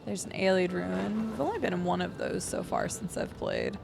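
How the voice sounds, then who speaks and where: A woman's voice: lowish voice, wildly swooping pitch, normal speed, gravelly, background noise. A woman streamer giving casual, playful commentary while she plays a video game, chatting to viewers and humming sing-song filler noises. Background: game music.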